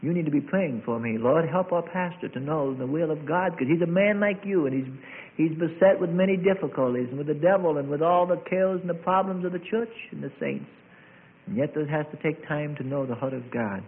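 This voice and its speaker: A middle-aged male pastor preaching a sermon, swelling suddenly loud and dropping to a hush. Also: on the high side, a little fast. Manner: dramatic preaching with sudden swells and hushed drops. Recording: tinny phone-like sound.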